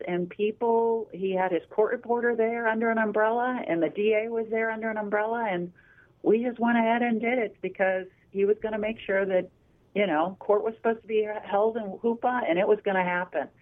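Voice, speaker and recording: A woman, an attorney guest, telling chatty stories in a casual radio interview over a phone line. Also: mid-range voice. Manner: chatty anecdotal storyteller. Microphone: telephone.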